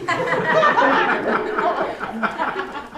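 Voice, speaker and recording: A woman from Vietnam with a Vietnamese accent, doing stand-up and landing punchlines slowly and deliberately. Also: high-pitched, wildly swooping pitch, sharp tone, a faint crowd. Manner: slow, deliberate delivery of punchlines. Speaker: stand-up comedian. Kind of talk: stand-up comedy. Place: comedy club stage. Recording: echoey lo-fi club recording.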